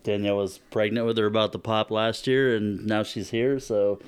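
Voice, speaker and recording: Low, smooth-voiced swearing dad. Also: male voice, level tone, moderate pace. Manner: blunt, swears casually. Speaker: podcast guest, father. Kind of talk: casual podcast chat. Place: his own home.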